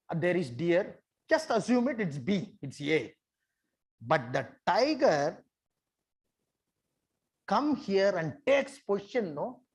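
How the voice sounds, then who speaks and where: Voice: mid-range voice, slightly rough. A theatre facilitator gives a conference talk. The speaker repeats phrases and coaxes the audience to take part.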